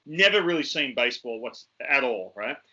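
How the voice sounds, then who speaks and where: A man's voice: mid-range voice, a little fast, highs cut off. An Australian man in his thirties, a podcast host, telling stories casually and laughing often. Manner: animated storyteller, laughs often. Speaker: podcast host, former baseball pitcher and broadcaster.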